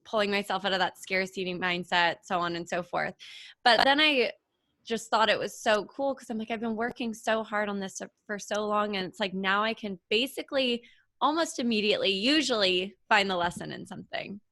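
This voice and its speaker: A woman's voice: medium pitch, brisk, bright, forceful tone, dry recording. A woman hosting a podcast, chatting casually, eager and affirming as she tells a story of her own. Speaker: podcast host. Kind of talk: casual conversational interview.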